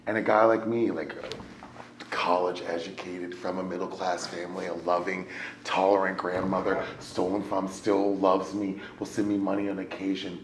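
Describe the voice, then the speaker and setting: A man telling a personal testimony to a live audience as an animated storyteller. His delivery swings from loud excitement to hushed near-whispers. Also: low-pitched, normal speed, a little hiss or hum. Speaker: speaker sharing his recovery story. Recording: echoey room.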